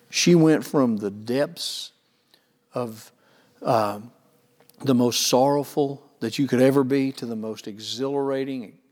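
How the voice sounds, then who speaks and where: A man preaching a sermon in an earnest way, slowing down for emphasis and swinging from soft to loud. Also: mid-range voice. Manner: earnest, slows down for emphasis, rises and falls in loudness. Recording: long hall reverb.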